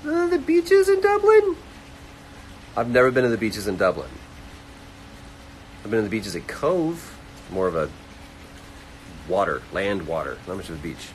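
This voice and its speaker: A man hosting a casual livestream, reading fan comments aloud and answering them quickly. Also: sits low, big pitch swings, a little hiss or hum, poor audio. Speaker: livestream host answering chat. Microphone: phone livestream.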